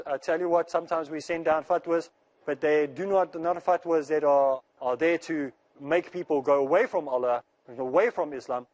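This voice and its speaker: A man with a fairly high voice delivers a religious lecture at a rushing pace. He is earnest and reassuring, and stacks repeated phrases to drive each point home. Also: a little mellow. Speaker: Islamic speaker.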